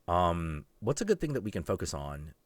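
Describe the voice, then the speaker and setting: A man's voice: low-pitched, very animated, normal speed, dry recording. A man hosting a livestream, rambling crudely with lots of swearing and laughing. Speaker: streamer, show host.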